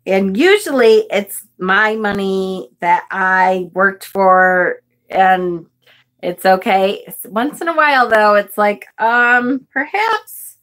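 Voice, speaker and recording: A woman's voice: medium pitch, takes it slowly, fairly bright tone. A middle-aged woman hosting a live tarot stream in a chatty way, greeting viewers, reading out their comments and getting emotional over the card pictures. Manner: emotional, gasps and exclaims over card images. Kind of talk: casual live-stream chat.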